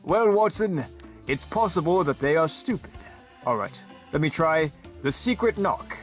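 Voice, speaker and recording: Guy doing a full-of-himself detective, loud and blustery, goofy comedy sketch. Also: a little high, expressive, a little slow, faint music behind. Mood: smug. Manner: self-assured, blustering, raised voice. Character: bumbling pompous male detective Holmes. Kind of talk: amateur comedy audio sketch.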